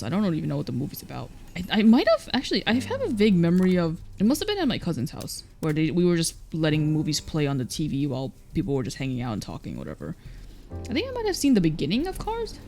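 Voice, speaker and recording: A let's play streamer giving casual, rambling commentary while playing a painting game. They talk in a low-energy, mumbling way and fill their talk with "like". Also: big pitch swings, rapid-fire, gravelly, darkish tone, soft background music.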